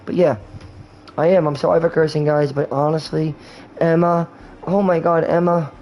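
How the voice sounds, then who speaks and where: A man's voice: fairly high pitch, flat delivery, moderate pace, a little mellow, slight background noise, rough recording. A man in his twenties talking in a rambling, candid way and swearing often, while hosting a gaming livestream. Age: 20s. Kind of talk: rambling casual chat.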